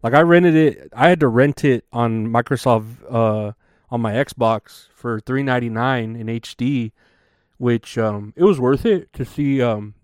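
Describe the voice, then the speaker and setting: A man's voice: medium pitch, measured pace, clean tone, dry recording, studio quality. A man hosting a podcast in a casual, rambling monologue, swearing often and stopping for fillers. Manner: profane, rambling, with many fillers. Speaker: podcast host.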